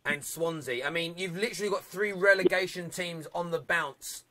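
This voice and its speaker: Bright-voiced male phone-in host. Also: sits high. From England. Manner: chatty, upbeat, quick to laugh. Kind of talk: live football phone-in hosting.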